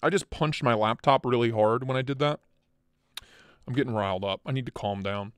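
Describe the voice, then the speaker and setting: A casual, blunt man hosting a chat stream, excitable and quick to swear, sounding tired. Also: medium pitch, clear, resonant tone, no room sound. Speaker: channel host.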